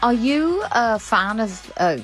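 A woman hosting a radio arts show, brisk, playful and conversational. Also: a little high, expressive, over music. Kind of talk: broadcast radio presenting.

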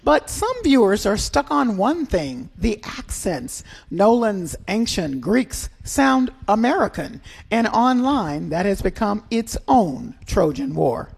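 A woman's voice: mid-range voice, big pitch swings, takes it slowly, creaky, few pauses, darkish tone, breathy edge. A woman hosting a radio arts and culture chat, wry with laughing asides. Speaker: radio show host.

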